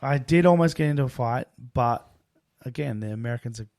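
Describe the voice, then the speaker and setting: A man's voice: medium pitch, brisk. A man, co-hosting a podcast and casually telling a travel story, acting out quoted lines. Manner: relaxed, acts out quoted dialogue. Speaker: podcast co-host.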